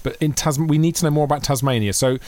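A man co-hosting a podcast, joking quickly and taking calls from listeners. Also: a little high, a little mellow, no echo. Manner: quick, jokey, talks over callers. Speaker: podcast co-host. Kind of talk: casual chat.

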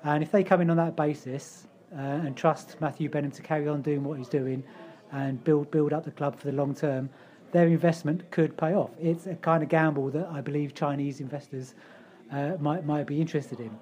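A man giving a measured, articulate opinion on a casual football fan podcast. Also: fairly high pitch, fairly even intonation, mellow. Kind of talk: casual pub podcast chat.

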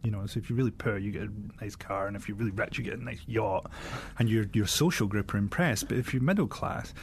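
A comedian speaking as a podcast guest, dry and sardonic in casual conversation, with the odd swear word. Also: male voice, lowish voice, fast talker, slight background noise.

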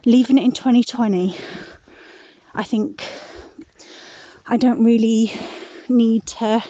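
A woman's voice: on the high side, fairly even intonation, slow pace, warm tone, muffled recording, a little hiss or hum. A woman calling in on her phone while walking dogs outdoors, out of breath, candid and reflective. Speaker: caller. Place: snowy woods at night, outdoors.

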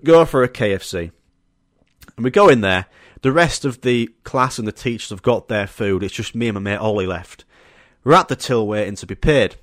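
Recorded dry in a clean studio, this young man from Yorkshire, England has a fairly low, expressive voice at normal speed. Hosting his own podcast alone, he recounts tales from school with laughter, profanity and performed quotations.

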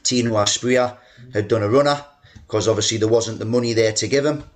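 A man yarns away as a podcast guest about his football days. He talks in a loose, chatty way, full of "you know" and "like", and now and then puts on a boss shouting down the phone. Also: fairly low pitch, fairly quick. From England. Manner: mimics a shouting chairman in quoted lines. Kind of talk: casual storytelling interview.

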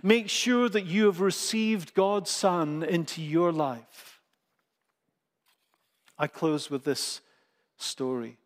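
A man preaching a sermon, slow and emphatic, with dramatic pauses. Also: on the high side, in a large hall.

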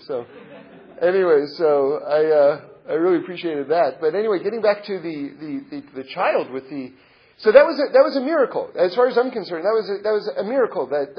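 A middle-aged man sharing a personal story as a religious lesson, earnest and reflective, halting with many repeated words and restarts. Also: fairly high pitch, breathy edge, muffled recording.

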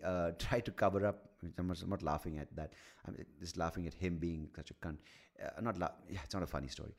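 A man hosting a solo podcast, ranting in a profane, sardonic way. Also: low-pitched. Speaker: podcast host.

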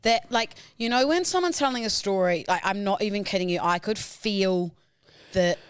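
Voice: medium pitch, moderate pace, soft background music. A podcast co-host in casual chat who reacts strongly and drifts into anecdotes. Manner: reacts loudly and digresses into own anecdotes.

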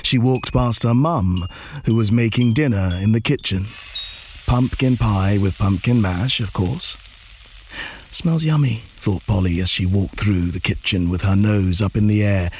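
A man reading a children's story aloud, slow and expressive, drawing out repeated words. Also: on the low side, a little hiss or hum.

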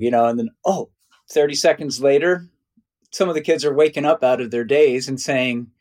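A man telling stories as an interview guest, loose and conversational, acting out other people's voices with big jumps in pitch. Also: expressive, normal speed, a little mellow. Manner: loose, conversational, many "you know" and "right". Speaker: interview guest, nature mentor.

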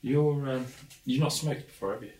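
A man's voice: medium pitch, normal speed, darkish tone. A man, co-hosting a podcast in casual banter and often teasing himself and his co-host. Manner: teasing, self-mocking. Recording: echoey room, mic at a distance.

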